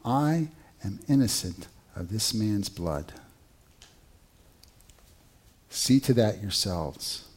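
A preacher voicing an exasperated, incredulous Roman governor in a sermon. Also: male voice, on the low side, lively intonation, slow, a little mellow, pitched below the performer's own voice. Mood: resigned. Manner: incredulous, pleading. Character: exasperated Roman governor, male, middle-aged.

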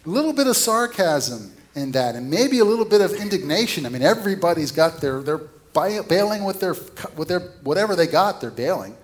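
A man's voice: on the high side, very animated, a little fast, hardly any pauses. Male preacher, conversational sermon, storyteller who questions his listeners.

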